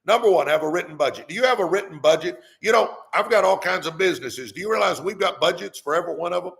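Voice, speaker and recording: A man's voice: sits high, quick pace, vocal fry, fairly bright tone. A middle-aged man, hosting a live stream and preaching money advice in a fired-up way that keeps repeating "come on". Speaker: host.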